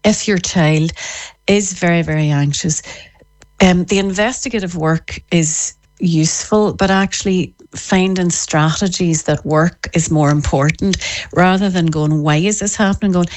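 A woman, a parenting author explaining her ideas in an interview in a lively way. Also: on the low side, unhurried. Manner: lively, acts out parents' voices in quotes. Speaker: parenting author and expert guest.

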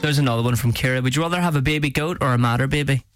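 A man's voice: mid-range voice, rapid-fire, loud music behind the voice. A young man hosting a radio breakfast show, bantering playfully and laughing at his own jokes. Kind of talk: casual on-air banter. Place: radio studio.

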